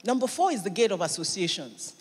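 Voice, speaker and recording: Woman pastor preaching in church; animated, emphatic delivery that swings loud; voice carries a long hall reverb. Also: medium pitch, quick pace, slightly rough. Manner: animated, emphatic preaching with sudden bursts of loudness. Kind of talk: sermon.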